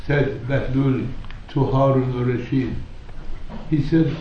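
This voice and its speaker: Slow-spoken male preacher in an echoey hall. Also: medium pitch, steady tone, a little hiss or hum. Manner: measured, deliberate delivery with emphatic rises. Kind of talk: sermon storytelling. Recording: echoey hall, distant, dull.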